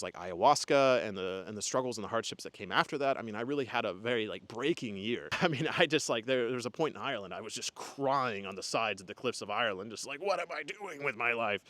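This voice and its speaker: Young guy vlogging, earnest and rambly, lots of likes and uhs, normal pitch. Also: fairly bright tone, dry recording. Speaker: spiritual content creator. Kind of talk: casual reflective vlog talk.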